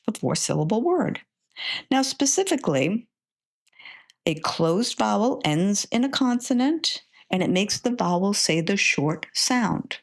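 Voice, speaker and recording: Woman teaching reading with lively pitch. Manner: slow, deliberate, instructive modeling of sounds. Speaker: podcast host and literacy tutor. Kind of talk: scripted podcast lesson.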